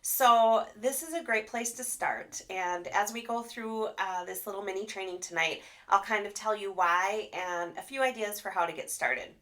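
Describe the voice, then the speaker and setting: A woman speech therapist giving a live training talk, animated and expressive as she demonstrates sounds. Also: mid-range voice, moderate pace, few pauses.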